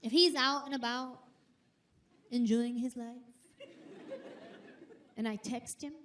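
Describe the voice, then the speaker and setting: High-voiced woman doing stand-up. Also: slow pace. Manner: animated, acts out quotes in high voices. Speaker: stand-up comedian. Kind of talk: stand-up comedy routine. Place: theater stage before a live audience.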